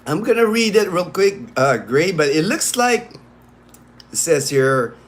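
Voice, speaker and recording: A man's voice: on the high side, very animated, a little slow. A man hosting a casual livestream, rambling with many fillers and restarts as he greets viewers by name. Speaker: livestream host.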